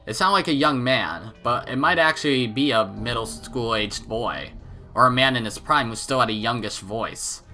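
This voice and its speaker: A man reading a visual novel aloud in an expressive, animated way. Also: medium pitch, moderate pace, soft background music. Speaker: let's play narrator.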